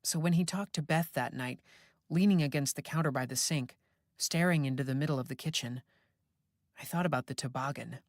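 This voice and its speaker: An audiobook narrator reading a first-person horror tale in a measured, reflective manner, close to a studio mic. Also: mid-range voice, no echo.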